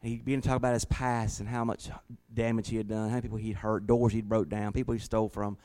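A man preaching a sermon in a folksy storytelling way, slowing down to stress key words. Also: lowish voice, flat delivery, a little mellow. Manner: folksy, slows down for emphasis.

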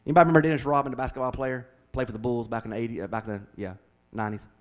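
A man preaching a sermon as pastor, folksy and conversational, speeding up and slowing down as he goes. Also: mid-range voice, steady tone. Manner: folksy, conversational preaching with shifting pace and volume.

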